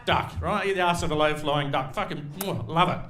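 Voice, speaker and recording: Crude middle-aged Australian man, bright forceful voice. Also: a little high, brisk. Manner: crude, swearing, crowd-teasing. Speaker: stand-up comedian. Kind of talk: live stand-up set. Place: comedy club stage. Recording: echoey live club room.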